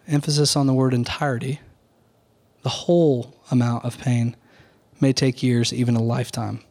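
A middle-aged male pastor delivers a Sunday sermon in a church, earnest and measured, slowing down deliberately on the words he wants to stress. His voice sits at an ordinary middle pitch for a man, with fairly even intonation and a darkish tone.

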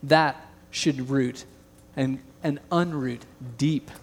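A man's voice: medium pitch, fairly even intonation, takes it slowly. A young man preaching a sermon as pastor, earnest and emphatic, with joking asides to the congregation. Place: large church hall. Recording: long hall reverb.

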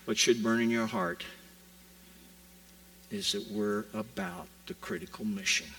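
A male pastor preaches a sermon in a church sanctuary, his voice gravelly and bright with a forceful edge. He tells stories with animated energy and slips into the voices of the people in them. He stands a little back from the microphone, so the sound carries some distance. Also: mid-range voice, measured pace. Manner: animated storytelling, voicing the people in his story.

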